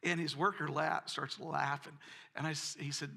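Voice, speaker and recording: A male pastor giving a sermon, his voice bright and forceful, sitting a little above the usual pitch for a man. He tells homespun stories with an animated, repeating delivery. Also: moderate pace, vocal fry. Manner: folksy storytelling, repeats words, animated.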